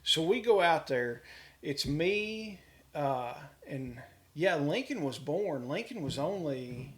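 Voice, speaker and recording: A middle-aged man with a slightly raised voice tells casual, lively homestead stories. He keeps slipping into the voices of the people in them and laughs easily as he goes. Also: fairly high pitch, takes it slowly, breathy edge. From Kentucky, US. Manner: animated, quotes people in dialogue, laughs often. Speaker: homesteader guest. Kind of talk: casual storytelling.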